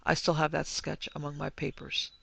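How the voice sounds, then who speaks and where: A man's voice: on the high side, completely flat delivery, moderate pace, gravelly, fairly bright tone, exaggerated voice. A stiff, skeptical German businessman, as a man reads him. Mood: formal. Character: skeptical middle-aged male German businessman.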